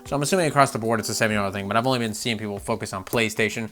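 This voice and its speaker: A man hosting a gaming channel, ranting about game news with swearing and laughter, jumping from loud outbursts to low mutters. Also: racing, noisy background. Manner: animated, profane, laughing, swings between loud outbursts and mutters.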